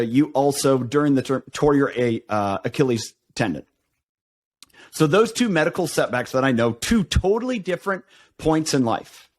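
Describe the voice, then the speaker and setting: A man hosting a podcast, asking long questions with many restarts and encouraging the guest. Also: mid-range voice. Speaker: podcast host. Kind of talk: interview questions.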